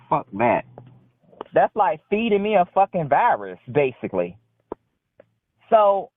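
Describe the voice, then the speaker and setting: Over a dry, tinny phone connection, a deep-voiced woman phones in to a talk show and rambles through a story, blunt and full of profanity.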